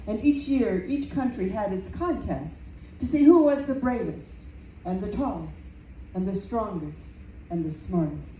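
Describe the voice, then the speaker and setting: A woman storyteller telling a folktale live in a community center room, slow and dramatic, repeating phrases for effect. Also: mid-range voice, lively intonation, warm tone. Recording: roomy, distant, faint background noise.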